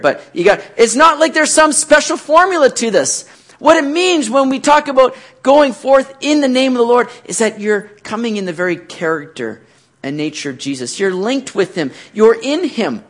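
A man preaching a sermon, asking rhetorical questions and rising to near-shouts. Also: sits high, lively intonation, moderate pace. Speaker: pastor.

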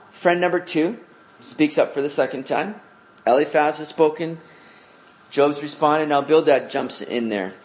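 A man with a slightly high voice leads a conversational evening Bible study. He keeps the tone casual and often poses rhetorical questions to his listeners.

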